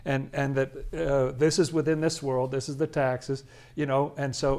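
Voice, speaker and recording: A man's voice: mid-range voice, little pitch movement, moderate pace, darkish tone. Chatty, chuckling Bible study leader, a man. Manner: chatty, chuckles often, emphatic asides. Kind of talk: casual scripture commentary.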